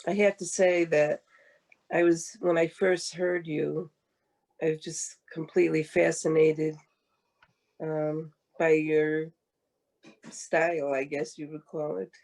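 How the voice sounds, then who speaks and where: A woman's voice: low voice, little pitch movement, takes it slowly, long pauses, a little mellow. A woman hosting an interview who speaks in an enthusiastic, encouraging way. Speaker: interview host. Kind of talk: casual interview talk.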